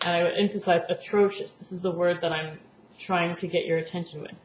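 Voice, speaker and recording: Her voice sits on the low side, brisk and fairly even in intonation. A language therapy teacher, she patiently talks through a lesson plan and acts out examples from the classroom, captured in a roomy, dull lo-fi recording with faint noise.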